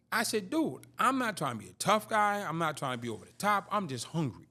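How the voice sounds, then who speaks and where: Animated storytelling man in his 50s. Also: fairly high pitch, a little fast, few pauses. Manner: animated, streetwise, acts out dialogue. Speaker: interview guest. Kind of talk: storytelling in a casual interview.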